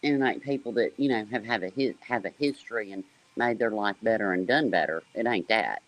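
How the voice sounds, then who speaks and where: A man's voice: lowish voice, brisk, rough recording. A man from the American South with a Southern accent, talking bluntly and with slang as a panelist on a casual livestream.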